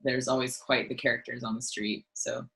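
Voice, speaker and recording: Bright, animated woman storyteller. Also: very deep voice, fairly quick, creaky, a little hiss or hum, poor audio. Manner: animated storytelling, lots of "like" and restarts. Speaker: guest musician. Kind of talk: casual interview chat.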